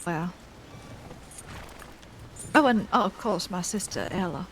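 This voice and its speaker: A woman in relaxed in-character western roleplay, chatty and self-deprecating, often laughing. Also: fairly low pitch, takes it slowly, a little hiss or hum, low-quality recording.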